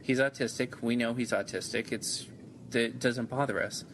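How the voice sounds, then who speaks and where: A man at middle pitch tells a long workday story in loose, profane podcast chat. He often stumbles and restarts his sentences. A faint noise floor sits under his voice. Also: fairly even intonation, moderate pace, fairly bright tone. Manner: rambling, profane, stammering restarts. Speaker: podcast co-host.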